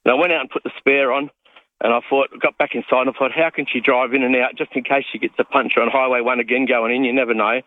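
Fast-talking man on a phone line. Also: mid-range voice, fairly even intonation, dry recording. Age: 50s. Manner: rambling, self-mocking storyteller. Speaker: radio caller. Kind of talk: phone-in storytelling.

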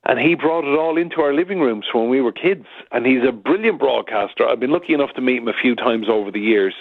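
A man's voice: medium pitch, lively intonation, fast, breathy edge. A man in his fifties, a reporter and news anchor, telling a story down the phone in a chatty way. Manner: chatty storyteller, acts out quotes. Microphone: telephone. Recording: tinny phone line.

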